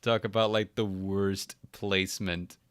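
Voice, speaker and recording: A man's voice: deep voice, a little slow, clean tone, no echo. Laughing American man hosting a podcast. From United States. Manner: laughs often, relaxed and friendly. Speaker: podcast host. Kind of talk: casual chat.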